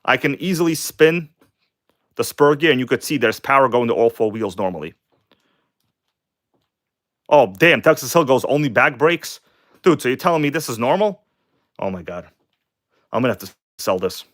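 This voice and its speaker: A man hosting a casual live stream, chatting excitedly with viewers and reading their comments aloud. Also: mid-range voice, normal speed, long pauses. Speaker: RC car livestream host.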